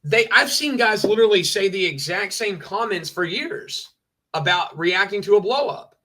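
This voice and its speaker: A man's voice: sits high, expressive, moderate pace, pushed and bright. A man ranting on a livestream, emphatic and repetitive, talking over and over the same point. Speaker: streamer.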